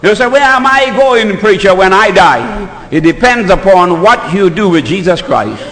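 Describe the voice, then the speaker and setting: A man preaching a sermon, telling a story dramatically, acting out the voices and rising to shouts. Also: sits high, big pitch swings, normal speed, long reverb tail, rough recording.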